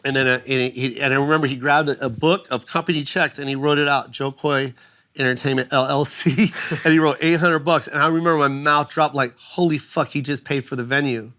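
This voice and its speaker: A man telling a long story in casual podcast talk, animated, acting out quoted people in raised voices, with fillers, restarts and frequent "right?" checks. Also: a little high, brisk. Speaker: comedian guest telling a story.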